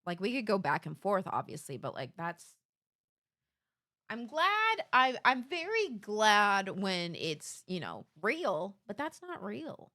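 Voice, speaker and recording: A woman streamer reacting casually and excitedly to a video. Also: mid-range voice, slow pace. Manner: animated, exclaiming, laughing.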